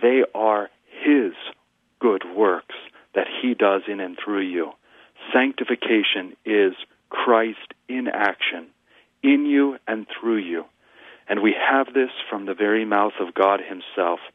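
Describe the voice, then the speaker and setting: A man's voice: fairly low pitch, slow pace, no room sound. A man, a pastor and guest on a radio show, earnestly teaching scripture and quoting verses at length. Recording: tinny phone line, dry.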